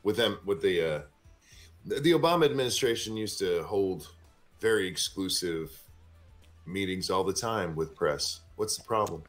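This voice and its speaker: A man appearing as a guest on a livestream, chatting casually and a little haltingly. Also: sits low, animated, a bit bright, faint music behind. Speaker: show guest. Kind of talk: casual chat.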